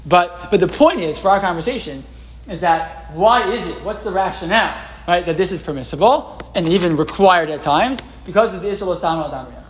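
A man with a high, expressive voice speaks briskly while teaching a live Torah class in a classroom, captured on a low-quality recording with slight background noise. He chats with the audience, quizzes them, and reads old texts aloud before translating.

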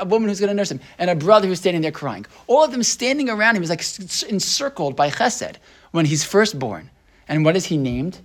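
An American man teaching a Torah class to a small group, asking rhetorical questions, often checking in with "right?", and thinking aloud with restarts. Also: high-pitched.

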